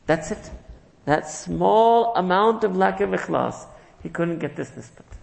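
A man's voice: sits high, expressive, measured pace, vocal fry, long reverb tail, low-quality recording. A man giving a sermon, telling stories in an earnest way and chuckling now and then. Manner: storytelling, earnest, chuckles often, mixes in Urdu and Arabic terms. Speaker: Islamic preacher.

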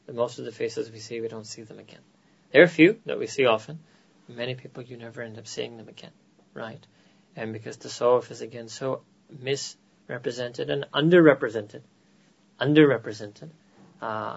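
A man with an American accent giving an animated religious lecture to a gathering, often asking "right?" and dropping in Urdu phrases. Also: mid-range voice, vocal fry, breathy edge, muffled recording. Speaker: Islamic teacher.

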